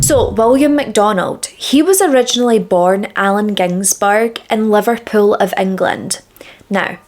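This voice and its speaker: A woman hosting a true crime channel, telling a case in a chatty, dramatic way while doing her makeup, on a small clip-on mic. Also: medium pitch. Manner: chatty, dramatic and emphatic, with repeated words. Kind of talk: casual true crime storytelling during a makeup routine. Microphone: small clip-on microphone.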